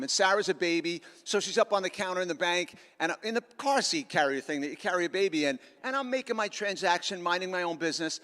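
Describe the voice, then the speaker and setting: Middle-aged man, school assembly speaker, sarcastic jokes, high voice, auditorium reverb. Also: a bit bright. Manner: sarcastic, joking with the audience. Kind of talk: humorous motivational talk. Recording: echoey auditorium.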